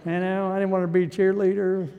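A middle-aged man preaching a sermon, moving from quiet reflection to loud, impassioned preaching. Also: high-pitched, level tone, quick pace, big-room sound, phone-quality sound. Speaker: pastor.

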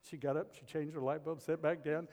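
A man with a high-pitched voice delivers a sermon from the pulpit. He tells humorous, animated stories that build into the teaching. The sound rings out with the long reverb of a large hall. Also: a little fast, background noise. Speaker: pastor.

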